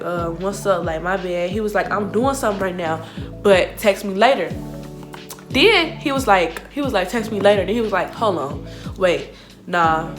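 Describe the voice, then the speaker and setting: Young woman, casual storytime, slangy, animated quoting, mid pitch, music in background. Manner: animated, slangy, acts out quotes of others. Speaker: vlogger. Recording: music playing behind the voice.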